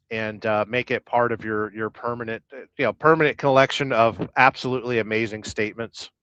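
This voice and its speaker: A man's voice: mid-range voice, fairly bright tone, clear, resonant tone, no echo. A man hosting a casual live stream as a truck driver, joking and rambling as he reads viewers' comments aloud from his truck. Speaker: livestream host, truck driver. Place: truck, waiting to unload.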